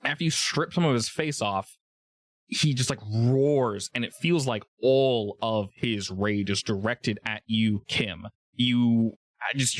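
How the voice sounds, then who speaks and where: Low-voiced male game master. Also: no echo. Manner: casual, explains rules with many fillers. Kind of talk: narrating a tabletop game.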